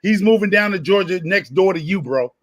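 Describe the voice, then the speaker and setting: A man bantering and teasing on a casual live stream, brash and quick to shout. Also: high voice, over a noisy crowd. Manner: brash, teasing, loud bursts of laughter.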